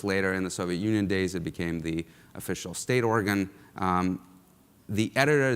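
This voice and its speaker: A man's voice: low voice, a bit bright, clear, resonant tone. A man from Russia giving a conference keynote, talking conversationally with frequent ums and uhs. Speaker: keynote speaker. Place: large lecture hall. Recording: long hall reverb.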